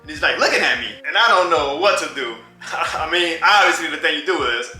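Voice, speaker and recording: A man in his thirties telling a personal story in a casual vlog, animated and often laughing. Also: on the high side, fairly quick. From New Orleans. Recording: roomy with faint music.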